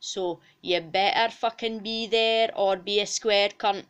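A woman's voice: medium pitch, steady tone, unhurried, fairly bright tone, clear, resonant tone, voice pushed up, natural voice. A woman voicing a foul-mouthed female cow mascot with a Scottish accent, boisterous and rowdy in a comic puppet interview. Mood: shouty.

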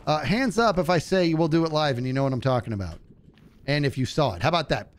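A man streaming a game, telling a story in a casual way and acting out the people in it with a higher voice, laughing often. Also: fast talker. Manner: animated, acts out quotes in a higher voice, laughs often. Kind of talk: casual storytelling while gaming.

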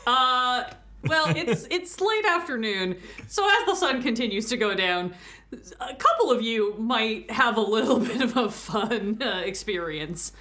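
A woman narrating as game master of a tabletop game, lively and quick to laugh. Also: fairly high pitch.

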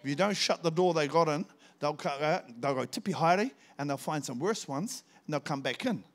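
An older man delivers a sermon as a visiting preacher. His voice sits a little high for a man, and he tells his story with animated back-and-forth dialogue. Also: a little fast. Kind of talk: sermon with personal testimony.

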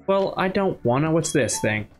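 A man's voice: a little high, animated, normal speed, soft background music. A man from the United States giving chatty, casual commentary while playing a game, thinking aloud with many restarts. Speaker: gaming channel host. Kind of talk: casual let's-play commentary.

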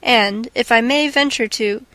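A woman's voice: a little high, a little slow, bright, forceful tone, dry recording. A woman voicing a cautious male acting manager who protests hesitantly.

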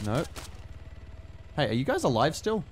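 An Australian man giving casual, sweary gameplay commentary with sudden shouted outbursts. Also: fairly high pitch, wildly swooping pitch, normal speed, husky. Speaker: gaming streamer.

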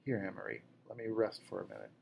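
A gentle, worn-out mother with a hurt ankle talks in a soft, hushed way, as a man reading a storybook aloud puts her on. The voice sits low, with a faint hum of room noise behind. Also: sing-song, racing, gravelly, heavily acted, poor audio. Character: injured, tired but brave mother, gentle. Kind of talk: audiobook reading.

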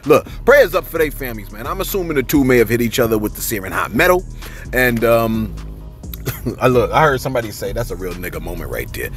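A man hosting casual celebrity news commentary, chatty and animated, often breaking in to ask "you know what I'm saying.". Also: mid-range voice, fairly quick, soft background music.

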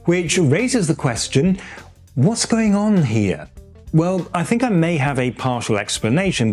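A man's voice: medium pitch, a little mellow. A British man with a received pronunciation accent, explaining sounds step by step in a dry, wry way, recorded in a small room and cleaned up afterwards. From Britain. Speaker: educational YouTuber. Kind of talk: explainer video narration. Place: small room with poor acoustics, audio cleaned up. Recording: faint background music.

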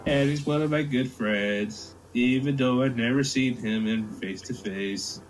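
A man's voice: medium pitch, measured pace, faint music behind. A man chatting casually while playing a game with friends, swearing and joking crudely. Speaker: gamer. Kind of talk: casual gaming chat.

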